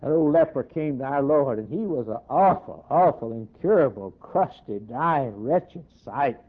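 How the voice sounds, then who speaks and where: A man preaching a sermon and quoting scripture in old-fashioned wording. His voice swells loud, then drops to a near hush. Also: medium pitch, expressive, unhurried. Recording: tinny phone-like recording.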